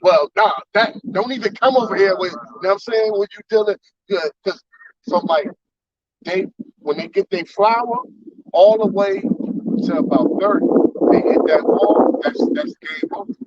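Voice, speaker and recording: A man's voice: high voice, normal speed, darkish tone, dry recording. A man hosting a casual church talk, blunt and crude, quoting scripture. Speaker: men's ministry host. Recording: distant dull mic.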